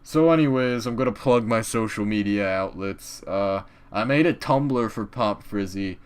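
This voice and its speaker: A young man hosting a comedic vlog in character, rambling crudely with sudden loud outbursts. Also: on the low side, moderate pace, clear, resonant tone.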